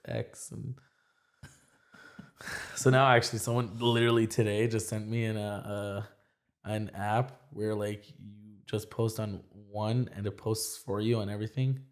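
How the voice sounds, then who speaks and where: A man's voice: lowish voice, level tone, unhurried. A young man talking as a podcast guest in casual chat, rambling with many restarts. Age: young adult.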